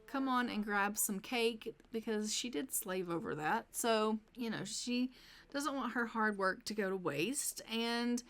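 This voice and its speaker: A woman's voice: a little high, measured pace, a bit bright. A woman giving casual let's-play commentary on a life-sim game, chatting along and talking to her characters as she plays. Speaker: gameplay narrator.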